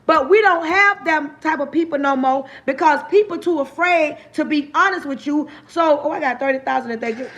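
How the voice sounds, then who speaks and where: A woman's voice: high voice, fairly quick, hardly any pauses, a bit bright. Emphatic woman preaching on a livestream. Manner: emphatic, repetitive, checks in with listeners. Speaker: livestream host. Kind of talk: preachy motivational livestream talk.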